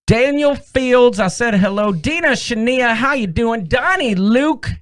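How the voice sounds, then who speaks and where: A man's voice: lively intonation, a little slow, a bit bright, no echo, studio quality. A man co-hosting a live cruise chat stream, greeting viewers by name in a sing-song drawl. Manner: sing-song drawl that swoops high on names.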